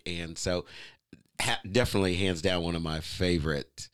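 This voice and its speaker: A middle-aged man, a guest singer, telling relaxed stories with a chuckle in an interview. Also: low voice, normal speed, smooth, dry recording, clean studio sound. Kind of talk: casual interview storytelling.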